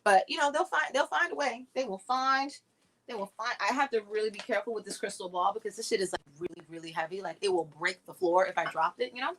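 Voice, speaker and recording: A woman hosting a casual livestream from her living room, talking fast and loose, swearing and mocking politicians. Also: medium pitch. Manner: animated, profane, mocking impressions. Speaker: livestream host.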